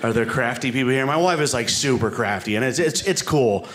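A man's voice: mid-range voice, animated, fairly quick, crowd noise. A man doing a stand-up comedy set on a club stage, rambling and self-deprecating, with asides to the live audience. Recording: live club recording with room noise.

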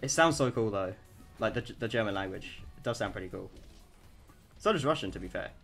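Young male streamer, lively swinging pitch, chatty and giggly. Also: fairly quick, creaky, soft background music. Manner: chatty, giggly, self-mocking. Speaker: game streamer. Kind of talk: casual live-stream commentary.

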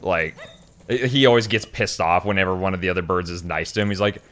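A man's voice: deep voice, fairly quick, fairly bright tone, slight background noise. Chatty, laughing gaming co-host, man. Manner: chatty, laughs a lot, meandering anecdotes. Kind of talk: casual gaming chat.

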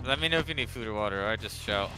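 A man in a game roleplay acting as a gruff captor who swears and makes threats. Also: fairly low pitch, animated, racing, a loud crowd, poor audio.

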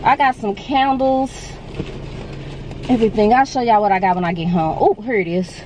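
A woman, chatting excitedly and emotionally in a casual vlog, filmed on a phone held in her hand. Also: mid-range voice, moderate pace, slight background noise. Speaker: vlogger. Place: store, then parked car.

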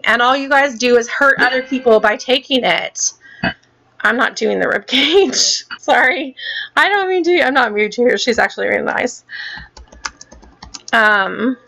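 A woman's voice: high voice, pushed and bright. A woman hosting her own gaming channel, delivering a heated, angry rant full of swearing and repeated points. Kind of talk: angry ranting vlog.

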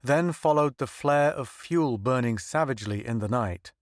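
A man with a middle-pitched voice gives scripted audiobook narration in a steady, measured manner. The recording is dry and close-miked, with no room sound and no echo.

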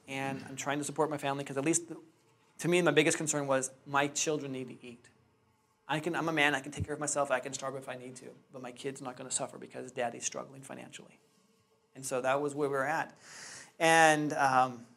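Candid man telling his story to a class. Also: mid-range voice. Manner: candid, animated storytelling with quoted dialogue. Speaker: real estate investing trainer. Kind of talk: storytelling talk to a live class. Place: training room with hard floor.

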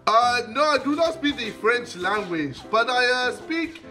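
A man's voice: very high voice, expressive, a little slow, soft background music, exaggerated voice. A young man doing a comic put-on Nigerian accent as a clueless gamer, exaggerated and swearing, on a headset. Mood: deadpan comic. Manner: exaggerated, yelling in panic, swearing. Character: loud comic African newbie gamer man. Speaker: gamer host. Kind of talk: comedic gaming commentary.

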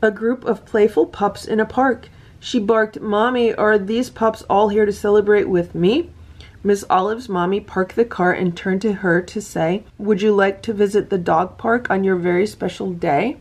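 A woman reading a children's picture book aloud to her cats, gentle and sing-song, breaking off to point at the pictures. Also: medium pitch, steady tone, normal speed. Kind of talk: storybook read-aloud with asides.

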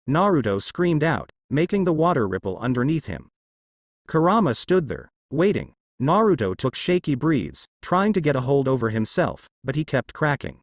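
A man narrating a fanfiction audiobook with an expressive reading. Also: mid-range voice, normal speed, no room sound, muffled recording.

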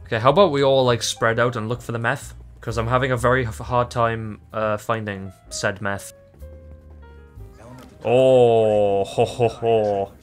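A man narrating his own gameplay in a rambling, excitable way. He swears freely, breaks into laughter and restarts his sentences mid-thought, over faint background music. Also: mid-range voice, brisk, hardly any pauses. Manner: rambling, self-interrupting. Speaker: gaming YouTuber. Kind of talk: gameplay commentary.

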